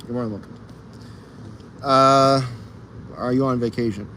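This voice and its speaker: On a fire escape outdoors, a man streams live with a medium-pitched, steady, slightly bright voice at normal speed, and a little hiss or hum is audible. The streamer's talk is rambling and casually profane, full of laughter and sentences that fade into ums and uhs.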